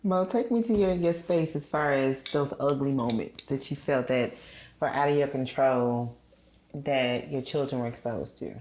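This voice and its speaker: Very deep-voiced woman host, echoey room. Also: moderate pace, darkish tone, a little hiss or hum. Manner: supportive, affirming listener. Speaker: podcast host. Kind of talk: casual interview chat.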